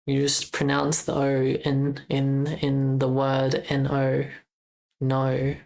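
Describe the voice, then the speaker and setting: A woman's voice: rumbling low, monotone, takes it slowly, vocal fry, darkish tone, low-quality recording. A young Australian woman with an Australian accent, chatting casually on a livestream while she codes, thinking aloud and correcting herself. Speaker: game jam streamer.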